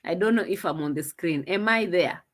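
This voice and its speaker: A woman's voice: fairly low pitch, moderate pace. A woman with a Swahili accent, chatting casually as she reacts to a video, teasing and repeating herself. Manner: chatty, teasing, repeats phrases, laughs often. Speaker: reaction commentator.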